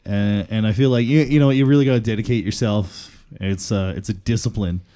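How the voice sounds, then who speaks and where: A man's voice: fairly low pitch, fairly even intonation, brisk, dark tone. A man hosting a casual podcast chat, laid-back and crude, swearing freely.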